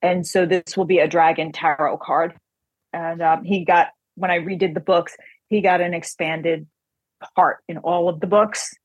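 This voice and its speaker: Husky-voiced woman chatting, telling a long story, dry close sound. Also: fairly low pitch, normal speed, no room sound, dull audio. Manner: animated anecdote-telling, quoting others. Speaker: author. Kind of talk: casual storytelling chat.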